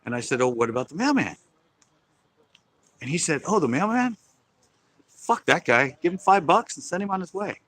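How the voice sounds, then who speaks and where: A man's voice: fairly high pitch, big pitch swings, moderate pace, pauses often, a bit bright, dry recording, pitched above the performer's own voice. A man putting on a chirpy, sing-song voice for an obedient young woman in a joke.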